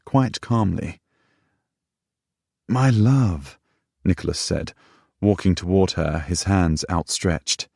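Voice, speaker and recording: A man narrating a romance audiobook in a measured, unhurried way. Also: low-pitched, gravelly, darkish tone, dry recording, studio quality. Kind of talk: scripted narration.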